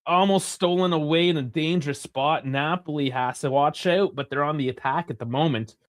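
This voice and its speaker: A young man hosting a live football watch-along, chatty and rambling, swearing freely and bursting into shouts at big chances. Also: fairly high pitch, a little fast, no room sound, studio quality. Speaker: live stream host.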